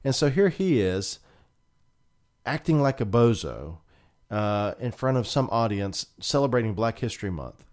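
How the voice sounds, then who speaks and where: A man's voice: fairly low pitch, big pitch swings, measured pace, a little mellow. A man hosting a political talk show, delivering emphatic, indignant commentary and often repeating himself.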